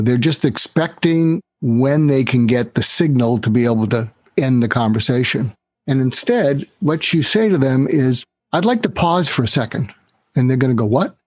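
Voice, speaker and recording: A man talking as a guest expert on selling and negotiating, animated and acting out bits of dialogue as he explains. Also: slightly rough, no echo. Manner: animated, acts out dialogue with raised pitch for quoted lines. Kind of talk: explanatory interview talk.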